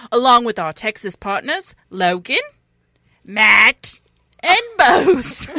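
A woman's voice: mid-range voice, sharp tone, no room sound. A woman co-hosting a podcast, giggling and slipping into silly accents as she reads the show's plugs. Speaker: podcast co-host. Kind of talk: casual podcast banter and sponsor reads.

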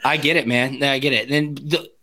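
A man's voice: medium pitch, fairly even intonation, sharp tone. A man who works in sports media, making emphatic, bantering points in casual podcast chat. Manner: emphatic and bantering, with quick laughs.

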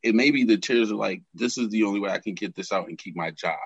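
Deep husky man on a muffled call line. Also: fast, no echo. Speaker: sports podcast co-host. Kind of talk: casual chat.

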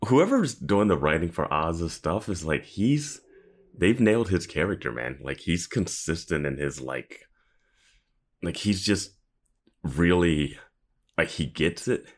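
Very deep gravelly-voiced man, laid-back. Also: sing-song, unhurried. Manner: laid-back, agreeable, lots of 'like' and 'yeah'. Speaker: podcast co-host. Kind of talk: casual chat about a TV episode.

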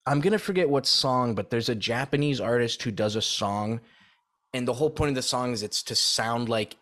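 Casting: young man, mid-pitched, laid-back slangy podcast co-host, rambling casual chat. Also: moderate pace, a bit bright.

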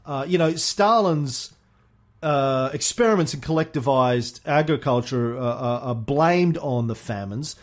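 A man's voice: mid-range voice, expressive, unhurried. A man hosting a casual history podcast, joking and reading excerpts aloud. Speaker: podcast host.

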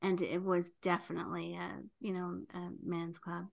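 A woman's voice: lowish voice, monotone, normal speed, gravelly. An older woman, a podcast guest, telling a story in casual chat, full of fillers and laughing as she goes.

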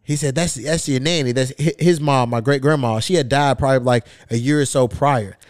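A man's voice: mid-range voice, fairly quick, no echo, clean studio sound. A podcast host telling a long, profane story in casual chat, acting out the people he quotes. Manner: profane, acts out quoted voices.

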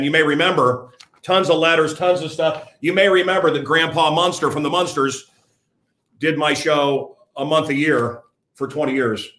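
A man's voice: fairly high pitch, fairly bright tone. An older man hosting his own show, talking blunt and rambling in a casual monologue to camera. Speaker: host.

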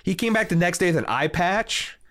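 A man in his thirties from Indiana spins a rambling, profane anecdote in loose conversational chat. His pitch swings widely as he builds the story, and he leans on fillers as he talks. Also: a little fast. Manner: animated storyteller, swears freely, lots of fillers. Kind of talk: casual chat.

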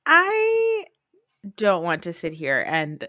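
A woman with a bright, forceful voice chats through a reality TV recap, slipping into quick impressions of the cast as she goes. The sound is dry and close, with almost no room around her. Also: mid-range voice, no room sound. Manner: animated, acts out quotes from the show. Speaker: podcast co-host. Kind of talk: casual reality TV recap chat.

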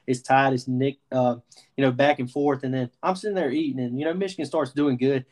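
A young adult man co-hosting a sports podcast, chatting casually and spinning an animated story, quoting his own reactions as he goes. His voice sits at an ordinary middle pitch, easygoing and expressive. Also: fairly quick. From Southern United States. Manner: animated storyteller, quotes himself. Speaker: podcast co-host.

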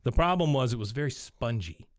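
A man's voice: medium pitch, lively intonation, fairly quick, no room sound, studio quality. A man, casually recapping a TV episode with many fillers and asides. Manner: rambling retelling with many fillers and laughs. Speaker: podcast host recapping an episode. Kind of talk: casual chat.

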